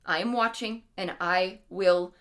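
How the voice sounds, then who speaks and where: A woman's voice: fairly low pitch, unhurried, a bit bright, pitched below the performer's own voice. Woman voicing an exasperated, fatherly god. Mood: reassuring. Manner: scolding, then offhandedly reassuring.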